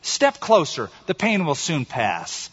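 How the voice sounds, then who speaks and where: A man voicing a calm, patient male stranger in a spoken story, gentle and inviting. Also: fairly high pitch, breathy edge, heavily acted. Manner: gentle, inviting, slow and steady. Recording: dull recording in echoey hall.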